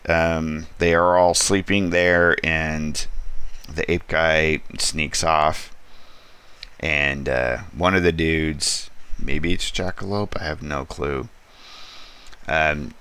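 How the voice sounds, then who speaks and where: Very deep-voiced man reviewing a comic. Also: clean tone, no echo. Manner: relaxed, rambling, frequent ums and asides. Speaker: comic book reviewer and host. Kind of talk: casual comic review monologue.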